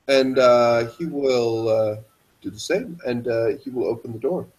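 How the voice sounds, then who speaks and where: Man running a tabletop game, mid-pitched, descriptive, hesitant fillers. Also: measured pace, a little mellow, poor audio. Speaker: game master. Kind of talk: narrating a tabletop role-playing game.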